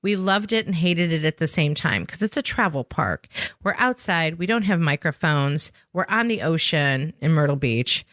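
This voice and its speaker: Her low, expressive voice moves at normal speed and has a slightly bright quality, in a dry studio-quality recording. Drawing on her improv background, this sales trainer explains conversationally for a podcast with energy and emphasis, tagging on a questioning "right?" often.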